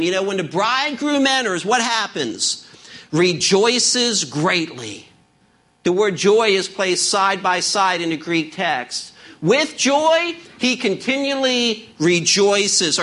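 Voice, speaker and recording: A man delivers a sermon in a high, forceful voice. He slows down to lean on each scripture phrase and keeps turning to the congregation with rhetorical questions. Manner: emphatic, drawn-out scripture reading. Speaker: preacher.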